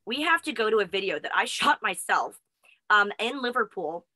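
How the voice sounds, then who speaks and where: A woman's voice: medium pitch, animated, normal speed, pushed and bright, dry recording, poor audio. A woman co-hosting a casual chat, telling stories with little laughs between phrases. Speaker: co-host.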